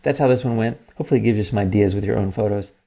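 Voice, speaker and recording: A man's voice: lowish voice, racing, vocal fry, warm tone. A man hosting a photo editing tutorial, talking casually as he works and thinking aloud with plenty of fillers. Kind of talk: casual screen-recorded tutorial.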